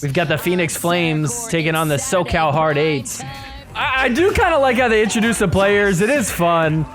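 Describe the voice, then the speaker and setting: A man with a notably high-pitched voice hosts a sports podcast and walks through match highlights in a relaxed play-by-play. He chuckles often as he talks and drops into quick imitations of the players. Faint music plays softly behind him. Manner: impersonates players in quick asides. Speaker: podcast host. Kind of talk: casual play-by-play recap.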